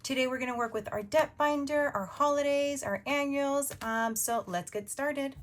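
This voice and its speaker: A woman's voice: high voice, moderate pace. A woman in her thirties, a budgeting vlogger, chatting casually and upbeat with many fillers as she counts cash, at times whispering. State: partly whispering. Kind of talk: casual chatty narration over cash stuffing.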